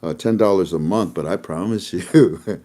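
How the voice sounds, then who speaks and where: A man's voice: sits low, normal speed, mellow. A man hosting an online show, chatting casually to his viewers about the news and laughing often as he goes.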